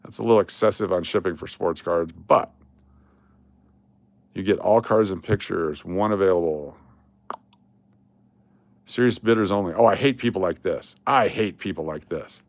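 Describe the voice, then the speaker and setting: A man's voice: sits low, normal speed, pauses often, no room sound. A man hosting a casual live stream, rambling along and breaking into sudden exasperated rants.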